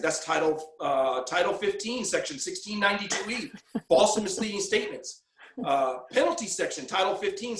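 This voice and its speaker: A man's voice: high voice, fairly bright tone, reverberant. A man telling his story in casual talk, rambling, repeating words and acting out the exchanges he quotes.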